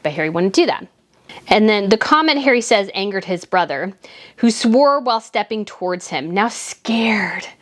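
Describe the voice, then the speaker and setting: A woman's voice: mid-range voice, sing-song, normal speed. A woman giving casual, opinionated commentary on royal news, full of "I feel like" fillers. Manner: opinionated, acts out mocking quotes in a whiny voice.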